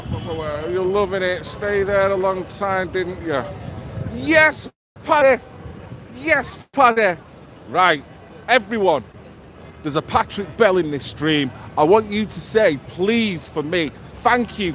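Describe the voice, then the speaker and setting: Man, Mancunian accent, high voice, rambling jokey street chat, loud city noise. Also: low-quality recording. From Manchester, England. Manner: blunt, swears freely, rambles jokily. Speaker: livestream host. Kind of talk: casual street livestream chat. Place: outdoors on a busy city square.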